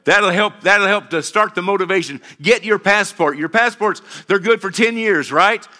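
A middle-aged pastor preaches a sermon at a moderate pace, his voice high for a man and sharply bright. He drives his points home by repeating phrases and calling for responses from the congregation.

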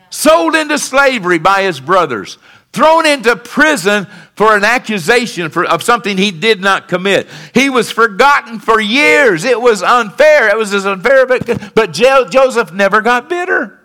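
A male pastor preaching a sermon, calling out to the congregation for responses and swinging between fervent peaks and quiet lows. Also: expressive, normal speed. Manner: rises to fervent emphatic peaks, then drops low and quiet.

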